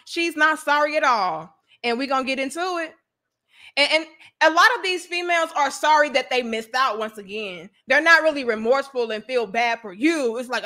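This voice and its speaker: A woman hosting a casual live stream, reading donations and speaking in an animated, outspoken, slangy way. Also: high-pitched, moderate pace.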